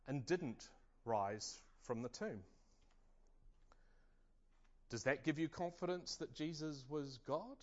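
Male preacher, earnest and measured, mid-range voice, slightly muffled lo-fi sound. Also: mid-range voice. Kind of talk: sermon. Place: church service.

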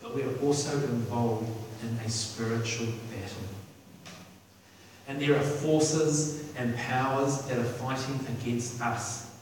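A man's voice: medium pitch, takes it slowly, a little mellow, a little hiss or hum. A man preaching a sermon with enthusiasm, repeating words and restarting phrases often. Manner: enthusiastic, repetitive, lots of restarts and fillers. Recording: echoey hall from far off with faint ambience.

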